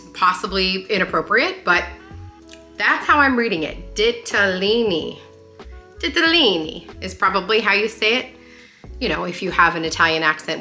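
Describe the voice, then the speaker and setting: Bright-voiced bubbly woman vlogging over music. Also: medium pitch. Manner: bubbly, self-deprecating, enthusiastic. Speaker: cooking vlog host. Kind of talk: chatty cook-with-me vlog and sponsor read.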